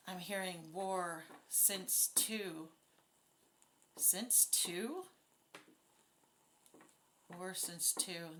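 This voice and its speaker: A woman doing a casual spiritual card reading to camera at home at night, blunt and quick to get indignant, swearing freely. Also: fairly low pitch, noisy background. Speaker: tarot and spirit box reader.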